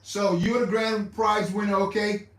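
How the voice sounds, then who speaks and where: A man's voice: sits high, level tone, a little slow, fairly bright tone. A man hosting a casual livestream, rambling and repeating himself with hesitant restarts. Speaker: livestream host. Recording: echoey room, mic far off.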